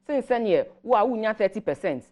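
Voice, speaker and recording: A Ghanaian-accented woman explaining government policy on a morning show, measured and switching between Twi and English. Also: mid-range voice, lively intonation, darkish tone. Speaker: government guest commentator.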